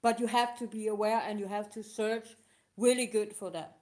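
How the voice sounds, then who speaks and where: Emotional woman answering questions, halting. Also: mid-range voice, steady tone, a little mellow. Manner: halting, emotional, non-native phrasing. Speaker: live show host. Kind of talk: casual live talk answering questions.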